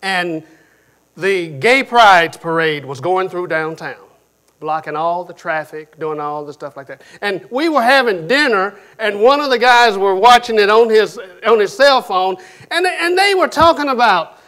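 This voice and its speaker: Somewhat slow and high-pitched, this man's sermon is built on animated storytelling and frequent repetition. His phrases shift between loud emphasis and quieter moments.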